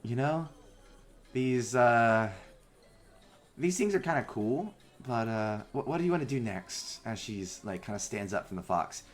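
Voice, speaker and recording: A man narrating a tabletop game as game master, halting with many fillers. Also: medium pitch, expressive, faint music behind.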